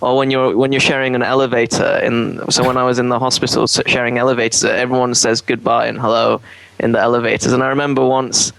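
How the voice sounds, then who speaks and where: A man's voice: medium pitch, level tone, vocal fry, fairly bright tone, clean tone, dry recording, low-quality recording. A man from England, a newly qualified doctor, chatting casually and often restarting his words. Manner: halting, repeats words when starting. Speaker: junior doctor, podcast co-host. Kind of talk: casual chat.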